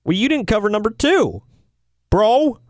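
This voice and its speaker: A man's voice: high voice, sing-song, measured pace, dry recording. A man co-hosting a podcast in casual chat, jokey and teasing, laughing often. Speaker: podcast co-host.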